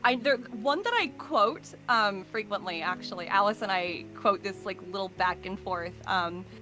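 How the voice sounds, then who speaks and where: A woman's voice: medium pitch, normal speed, sharp tone, faint music behind, rough recording. A woman voice actor chatting as an interview guest, rambling with many fillers and easy laughs. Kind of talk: casual interview chat.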